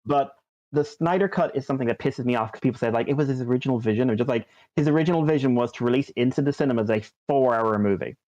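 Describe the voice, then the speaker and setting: Medium in pitch, quick and darkish in tone, a male co-host rambles through casual podcast talk full of fillers like um and like, restarting often. The lo-fi recording is dull and dry, without echo.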